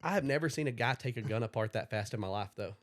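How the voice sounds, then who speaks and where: A man's voice: mid-range voice, expressive, fast. A young man on a podcast, casually telling rambling stories, swearing freely. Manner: profane, rambling storyteller. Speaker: podcast co-host. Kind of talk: casual chat.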